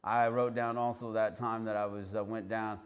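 A street preacher with a fairly low, clean-toned voice speaks at normal speed, giving a sermon built around his personal testimony. He's an animated storyteller who acts out the quotes along the way.

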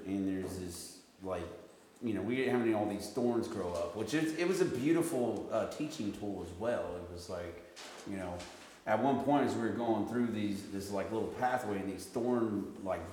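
A man leading a casual group discussion, telling a story with lively, halting restarts. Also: lowish voice, a little hiss or hum. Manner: animated storytelling, often restarts sentences. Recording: echoey room with long reverb.

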